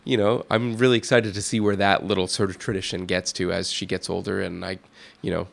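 A man's voice: low voice, level tone, a little fast, creaky. A man in his thirties, a musician guest, chatting reflectively in an interview, rambling with lots of fillers and restarts. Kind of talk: casual interview chat.

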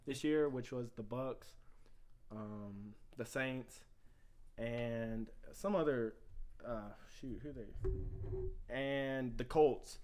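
A man breaking down a football matchup on a casual podcast. He strings together statistics with frequent ums and uhs. His voice sits at a plain middle pitch. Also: extremely slow, pauses often, a little mellow. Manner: rattles off stats with fillers. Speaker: podcast co-host. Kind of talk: casual sports talk.

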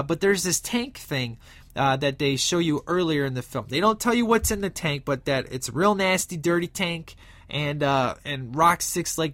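A man's voice: fairly high pitch, a bit bright, no echo. Chatty man recapping a film. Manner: enthusiastic, rambling, frequent fillers. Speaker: film reviewer. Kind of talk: casual movie recap.

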